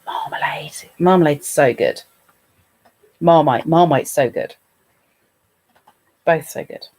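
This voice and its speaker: A woman's voice: sits low, slow pace, darkish tone. Chatty British woman live streaming. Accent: British English. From England. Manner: chatty and playful, talking to viewers. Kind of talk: casual live stream chat.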